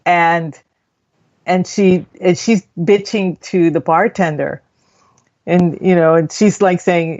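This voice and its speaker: A woman's voice: on the low side, fairly even intonation, takes it slowly, darkish tone. A woman co-hosting a casual radio chat, telling a movie story in a rambling, chatty way. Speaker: radio co-host. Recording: dull lo-fi radio audio.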